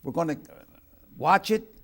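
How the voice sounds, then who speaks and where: High-voiced folksy talk-show host. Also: male voice, expressive, measured pace. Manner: folksy, joking interjections. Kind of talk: casual talk-show chat.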